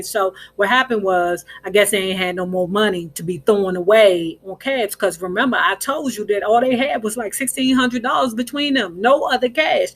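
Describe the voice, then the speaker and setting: Chatty woman recapping a novel. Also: medium pitch. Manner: chatty, sassy asides. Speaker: book recap host. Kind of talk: casual storytelling recap.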